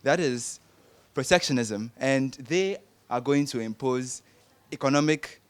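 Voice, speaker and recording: A young man, explaining his view as a guest on a panel debate, deliberate and lecturing, often searching for words. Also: mid-range voice, clear, resonant tone. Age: young adult.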